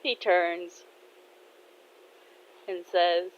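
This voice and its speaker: Slow, casual woman telling a fan story. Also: lowish voice, steady tone. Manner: casual, laughing, uses "he's like". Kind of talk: improvised fan story narration. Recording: dull lo-fi audio with faint noise.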